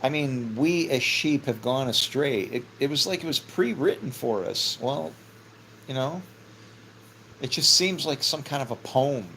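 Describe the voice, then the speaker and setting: A man's voice: mid-range voice, lively intonation, a little slow, vocal fry, bright, forceful tone, a little hiss or hum, poor audio. A middle-aged man musing casually on faith, rambling, often laughing and swearing offhand. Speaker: vlogger.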